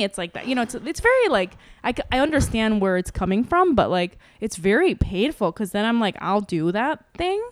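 A woman's voice: a little high, very animated, a little fast, few pauses, dry recording. A young woman in casual chat, candid and self-mocking, laughing often and using many fillers.

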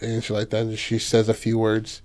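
A man's voice: on the low side, monotone, moderate pace, a little mellow. A man casually retelling a story in loose, rambling talk, full of fillers and profanity. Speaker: filmmaker describing his film. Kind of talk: casual chat.

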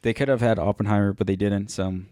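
A man's voice: lowish voice, steady tone, fast, mellow, no echo, studio quality. A man co-hosting a podcast in loose, rambling casual chat, swearing often. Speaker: podcast co-host.

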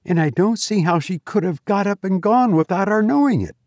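A man reading a ghost story aloud, voicing a hushed, uneasy young woman who talks in a soft, confiding whisper. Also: mid-range voice, lively intonation, unhurried, dry recording, studio quality. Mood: shaken.

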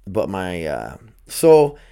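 A man's voice: deep voice, huge pitch swings, slow, vocal fry, warm tone, clean tone. A young man hosting a casual solo podcast from home, rambling and swearing casually, close to the mic. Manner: rambling, swears casually, self-talk asides. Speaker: podcast host. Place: home, dogs nearby. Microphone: close microphone.

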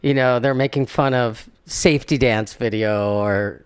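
A man's voice: mid-range voice, unhurried, clean tone. A young man co-hosting a podcast in casual chat, rambling, restarting sentences and laughing often. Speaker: podcast co-host.

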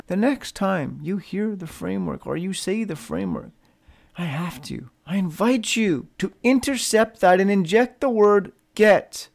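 A man's voice: normal speed, vocal fry. Blunt, casual male podcast host. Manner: casual and blunt, swears freely, asks rhetorical questions; lively, pitch rises when upbeat. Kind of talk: solo motivational podcast monologue.

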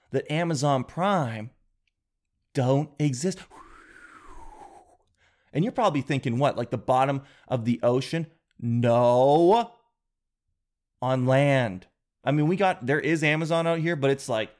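A man hosting his own podcast, telling a rambling comic story in an animated, jokey way. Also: mid-range voice. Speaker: podcast host. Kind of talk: comedic podcast monologue.

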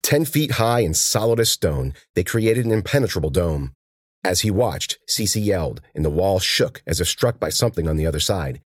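A man reading a story aloud as a narrator, expressive and lively in his delivery. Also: low-pitched, moderate pace, breathy edge, no room sound, clean studio sound. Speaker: audiobook narrator. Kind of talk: scripted narration.

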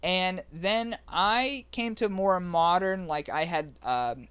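A man hosting a casual podcast chat, rambling and halting with lots of fillers. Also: high voice, a bit bright, clear, resonant tone. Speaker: podcast host.

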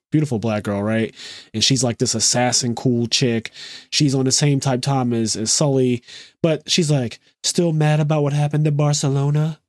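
A man's voice: mid-range voice, darkish tone, no echo, studio quality. A man in a casual movie chat, blunt and profane, often mimicking movie lines.

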